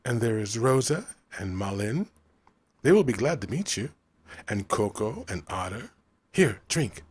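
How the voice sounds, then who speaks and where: A man voicing a deep-voiced, soothing tribal caretaker woman. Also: sing-song, unhurried, husky, no echo, exaggerated voice. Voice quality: deep, thick round accent, rhythmic musical speech. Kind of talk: audiobook character voice.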